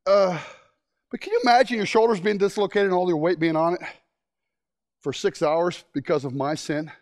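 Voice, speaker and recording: A man preaching a sermon, telling stories in an animated way with frequent restarts. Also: high-pitched, normal speed.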